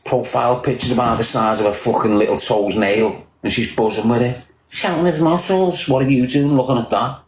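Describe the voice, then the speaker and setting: A man with a Liverpool accent talks casually to his livestream viewers, teasing them bluntly and swearing freely. His voice sits at an ordinary pitch. The room around him gives it a noticeable echo. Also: steady tone, brisk, slight background noise. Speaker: livestreamer reading viewer comments.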